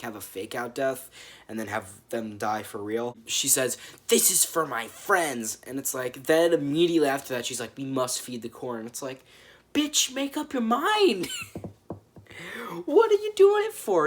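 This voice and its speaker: A man giving a casual film review, frustrated and sarcastic, with lots of filler words and swearing. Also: medium pitch. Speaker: movie reviewer.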